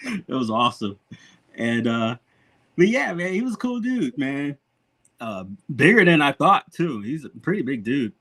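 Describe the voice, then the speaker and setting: Animated laughing man telling stories. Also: mid-range voice, normal speed, long pauses. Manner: animated, laughing often, swears freely. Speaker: podcast host. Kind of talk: casual storytelling chat.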